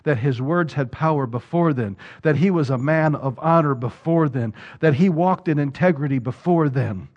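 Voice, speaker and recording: A male pastor preaches to his congregation with a voice pitched a little high. He presses his points with rhetorical questions and repeated words. The recording sounds dull and lo-fi. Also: normal speed, few pauses, a little mellow. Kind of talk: sermon.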